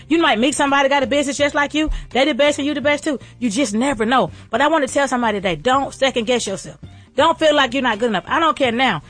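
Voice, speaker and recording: A woman's voice: high-pitched, fairly bright tone. A woman who owns restaurants, giving a motivational faith talk in a preachy, repetitive, rallying cadence.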